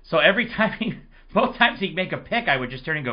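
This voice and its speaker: A man hosting a casual sports podcast, his voice hoarse, telling rambling, excitable stories. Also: on the high side, fast talker, lo-fi sound. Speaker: podcast host.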